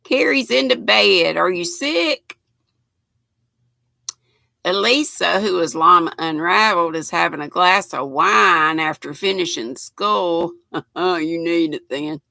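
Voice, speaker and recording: An older woman with a Southern US accent, a little hoarse, hosting a chatty live stream and reading out viewer comments. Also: lowish voice, slow pace, sharp tone, no room sound. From United States. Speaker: host.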